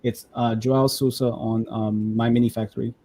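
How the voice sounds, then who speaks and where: Male host, mid-pitched, casual and halting delivery, rambles through explanations. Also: level tone, warm tone. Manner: rambling, halting, many restarts. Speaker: host of a model-building stream. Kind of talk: casual chat.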